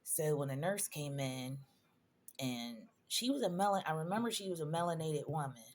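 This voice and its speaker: A woman's voice: low-pitched, expressive, normal speed, darkish tone, slight background noise. A woman in a personal vlog, telling a painful story in a conversational, emotional way, addressing viewers directly. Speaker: vlogger.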